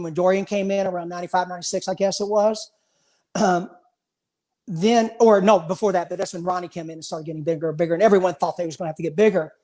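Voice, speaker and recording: A man's voice: high-pitched, dark tone. A man in his fifties being interviewed, telling stories from his career in an earnest, casual way and often repeating words as he starts a sentence. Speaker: interview guest, former pro bodybuilder.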